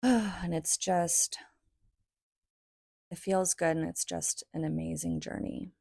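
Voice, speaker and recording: A low-pitched woman in her thirties with a gravelly edge to her voice. She talks in an earnest, chatty way on her own podcast. The sound is dry and close, with no room around it. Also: fairly even intonation, takes it slowly, a little mellow, dry recording. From United States. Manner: earnest and chatty, fond of "right?" and "like". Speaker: podcast host. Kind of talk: reflective solo talk on spirituality.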